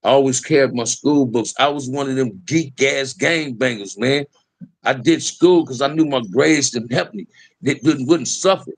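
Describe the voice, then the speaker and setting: At a moderate pace and in a mid-range voice, a middle-aged Los Angeles-area man tells stories. They're casual, profane accounts of his life, delivered streetwise, with the listener often called "man."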